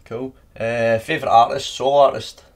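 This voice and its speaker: Easygoing Scottish man asking quickfire questions. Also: medium pitch, steady tone. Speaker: podcast co-host. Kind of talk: casual chat.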